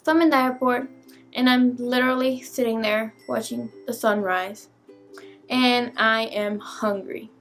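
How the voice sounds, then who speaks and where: Young female vlogger, high voice, exasperated animated storyteller. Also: measured pace, soft background music. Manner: animated, exasperated, swears casually. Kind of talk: casual storytime vlog.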